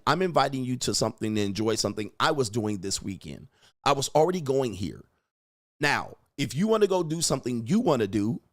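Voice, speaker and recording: Blunt, emphatic man coaching on dating. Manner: blunt, emphatic, swears freely; acts out quoted lines with rising pitch. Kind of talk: casual monologue.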